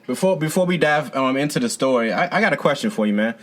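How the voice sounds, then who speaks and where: A man's voice: medium pitch, animated, fast, fairly bright tone. A man hosting a casual interview podcast, joking and teasing his guest with his questions. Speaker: podcast host.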